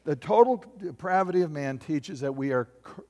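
Animated preacher in an echoing hall. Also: male voice, on the high side, moderate pace, soft background music. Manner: animated, shifts from loud bursts to hushed asides. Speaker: pastor. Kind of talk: sermon with storytelling. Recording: long hall reverb.

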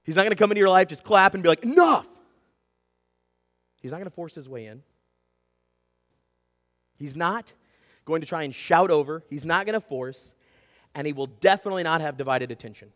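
Speaking a little fast and pausing often, this male pastor in his thirties has a voice on the high side. He tells his sermon's stories energetically, mimicking shouting and whispering and constantly checking in with "right?", all under long hall reverb.

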